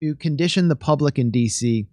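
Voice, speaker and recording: A man's voice: a little high, mellow, no room sound. A man as guest commentator, talking politics earnestly in a casual chat. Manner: earnest, rapid, with restarts and fillers.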